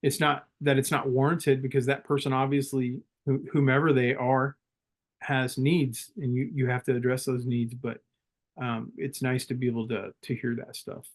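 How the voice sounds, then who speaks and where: A middle-aged man, a former Marine leader, telling stories in a calm and reflective way as a podcast guest. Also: mid-range voice, moderate pace. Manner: calm, reflective, laughs easily. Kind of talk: casual interview storytelling.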